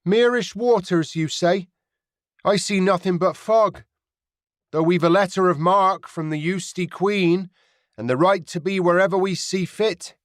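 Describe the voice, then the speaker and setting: A bold young storm-singer woman, voiced by a male audiobook narrator calls out in a high, carrying, wry tone. Her defiance comes through plainly. The read is dry and close. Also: unhurried, no room sound. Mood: defiant. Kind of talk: audiobook character voice.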